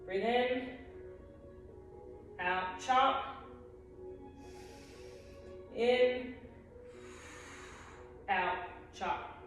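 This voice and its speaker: A woman fitness instructor calmly guiding a workout, counting reps and cueing breaths. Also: mid-range voice, slow pace, pauses often, dull audio. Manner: calm counting, cues breathing. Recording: roomy echo, distant mic, music behind.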